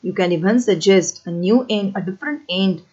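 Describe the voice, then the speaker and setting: A woman teacher with an Indian English accent reading a story lesson aloud and explaining each new word slowly and deliberately. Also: mid-range voice, warm tone, husky. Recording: dull lo-fi recording.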